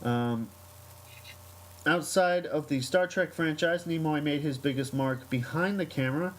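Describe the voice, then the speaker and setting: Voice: mid-range voice, a little slow, low-quality recording. A podcast host in casual chat, reading a news item aloud with many hesitations, then telling a story. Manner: hesitant, many ums and uhs.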